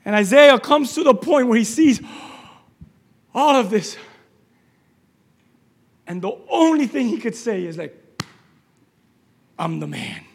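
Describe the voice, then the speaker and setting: A man preaching a sermon, shouting at times and then dropping to a hushed, low delivery. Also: animated, a little slow, long pauses, slightly rough. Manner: shouting, dramatic swings from loud to hushed. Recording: long reverb of a large hall.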